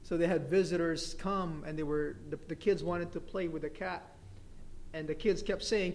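A man's voice: sits high, normal speed. A male pastor preaching a sermon, mixing in light jokes and asking the congregation "amen?".

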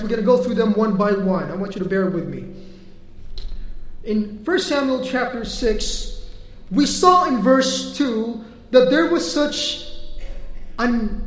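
A man preaching a sermon as pastor, teaching earnestly verse by verse, pausing on fillers and repeating points. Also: very high voice. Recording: echoey hall with long reverb.

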